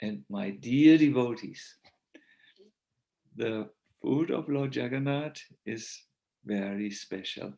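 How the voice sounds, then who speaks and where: Swami telling a sacred story, slow, lots of ums, gravelly voice. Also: male voice, medium pitch, mellow, low-quality recording. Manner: slow, hesitant with many fillers. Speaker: visiting swami, speaker. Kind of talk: sermon storytelling. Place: temple festival talk.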